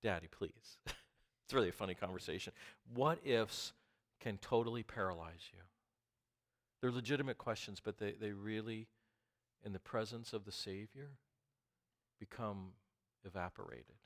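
A man preaching a sermon who is also an ER doctor. He swings between hushed asides and loud, emphatic bursts. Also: on the low side, normal speed, pauses often.

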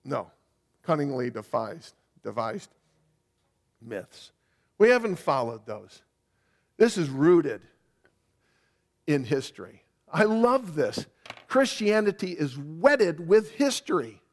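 A high-voiced man preaching a sermon over a microphone. He repeats himself for emphasis and punches key words with sudden loud stress. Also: big pitch swings, slow pace. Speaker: pastor. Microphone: microphone on a sound system.

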